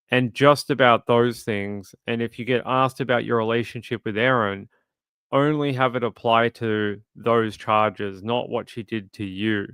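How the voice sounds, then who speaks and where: A man's voice: lowish voice, a bit bright, smooth, no room sound, studio quality. A man hosting a true crime livestream, chatting casually and reading viewer comments aloud with sympathy. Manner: conversational, sympathetic, reads chat aloud.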